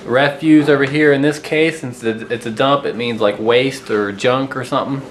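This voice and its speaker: A man giving a casual home-made English lesson, talking loosely with many fillers and restarts, and slowing down to read his example sentences aloud. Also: medium pitch. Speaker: English teacher. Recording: echoey room with clear kitchen noise.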